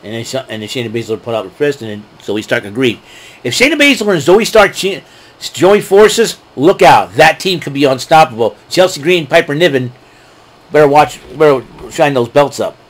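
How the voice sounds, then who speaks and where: A wrestling show recap host with a fairly high, sing-song voice talks at a moderate pace. He casually rambles through the events by himself, dropping fillers and chuckling at his own jokes.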